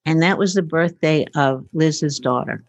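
A woman's voice: deep voice, measured pace, dry recording. A woman, a futurist, chatting in an interview, telling personal stories with many fillers and acting out the dialogue. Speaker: guest, futurist. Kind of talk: casual storytelling interview.

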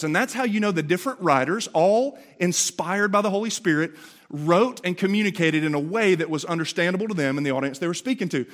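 A man's voice: sits high, fairly bright tone. A man in his forties giving an emphatic, conversational sermon as a pastor in a church sanctuary, often checking in with rhetorical questions. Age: 40s.

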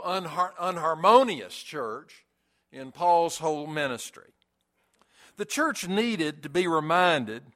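Slow, deliberate preaching man. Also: on the high side, sharp tone. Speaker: pastor. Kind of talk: sermon.

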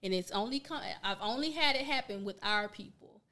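A woman's voice: mid-range voice, expressive, a little fast, bright, forceful tone. A woman co-hosting a casual talk show, speaking emphatically and acting out exchanges with customers. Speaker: co-host. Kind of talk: casual podcast chat.

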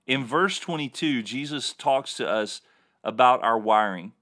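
A man's voice: mid-range voice, expressive, a little slow, fairly bright tone. A man hosting a Bible teaching show, reading scripture and explaining it in an earnest, emphatic way. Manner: earnest, emphatic with repeated words. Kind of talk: sermon-style Bible teaching.

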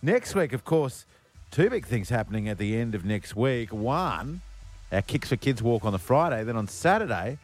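A man's voice: mid-range voice, very animated, normal speed. An Australian man co-hosting a radio show, teasing his co-host with dry, ribbing humour. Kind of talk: casual radio banter.

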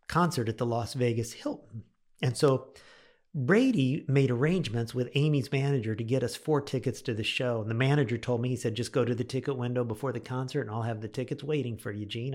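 A middle-aged man, a pastor, telling a personal story in a radio devotional and acting out his own thoughts. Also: medium pitch.

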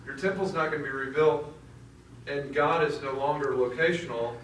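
A man leading part of a class discussion, earnest and measured. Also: fairly high pitch, fairly bright tone. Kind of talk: teaching in a group discussion. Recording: roomy, from a distance, faint noise.

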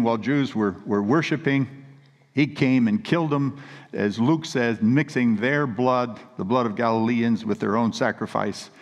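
A man preaching a sermon with earnest, emphatic storytelling. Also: medium pitch. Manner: earnest, emphatic storytelling with read scripture quotes. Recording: long reverb of a large hall.

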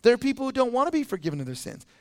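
A man's voice: very high-pitched, big pitch swings, very fast, a little mellow. A man, a pastor, preaching a sermon in a loose conversational way and acting out the voices of people he quotes.

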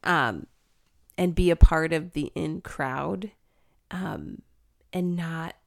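A woman in a reflective faith chat, talking in a searching way with restarts and quick laughs. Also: low voice, expressive, creaky.

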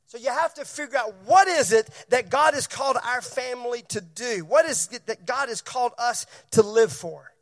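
Very high-voiced male pastor preaching. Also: moderate pace, few pauses. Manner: preaching to a congregation, calling on members by name and asking questions. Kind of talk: sermon. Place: church.

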